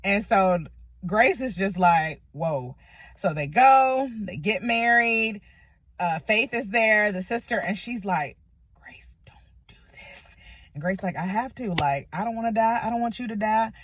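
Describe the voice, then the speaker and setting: A woman giving a casual, chatty movie recap, acting out lines in quick voices and laughing often. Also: medium pitch, expressive, fairly bright tone, dry recording. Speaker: movie reviewer.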